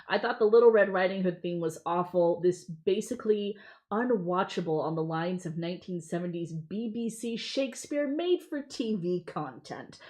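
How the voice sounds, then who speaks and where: American woman co-host, casual and giggly, reads reviews aloud. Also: fairly low pitch. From United States. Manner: laughing, chatty, reads reviews aloud with amusement. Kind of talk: casual chat reading reviews.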